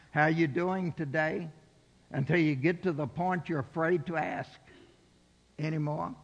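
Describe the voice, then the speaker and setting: A middle-aged male pastor preaching a sermon, stressing scripture slowly and dropping to quiet asides. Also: sits high. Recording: long reverb from a large hall.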